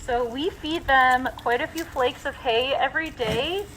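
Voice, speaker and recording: A woman's voice: sits high, measured pace, background noise. A woman zookeeper giving a friendly live talk outdoors at an animal exhibit, explaining with frequent ums.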